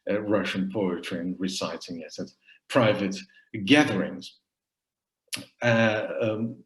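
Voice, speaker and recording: A man presenting his book at a seminar in a halting academic lecture, with frequent fillers and restarts. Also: lowish voice, echoey room, low-quality recording.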